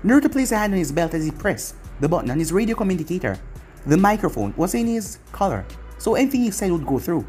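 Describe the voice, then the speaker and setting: A reader narrating an anime fan-fiction story aloud in a steady storybook manner. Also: medium pitch, fast, soft background music.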